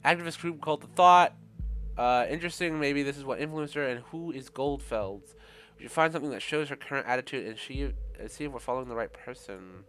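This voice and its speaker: A man's voice: mid-range voice, a little fast, a bit bright, faint music behind. A man commenting as he plays a game, musing aloud and joking with many restarts. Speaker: gamer. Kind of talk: let's play commentary.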